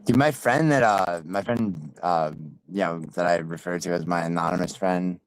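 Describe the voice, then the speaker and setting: A deep-voiced man hosts a loose panel stream, swearing freely and restarting his sentences as he rambles. His voice sits very low and the sound is dry and close. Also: moderate pace, smooth, no echo, poor audio. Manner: profane, rambling, restarts a lot. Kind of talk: casual panel chat.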